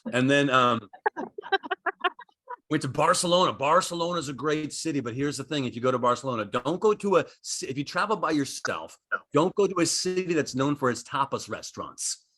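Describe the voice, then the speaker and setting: A man's voice: a little high, animated, a little fast, fairly bright tone. A young American man doing a stand-up routine on a virtual comedy show, rambling and self-deprecating, laughing at his own jokes. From United States.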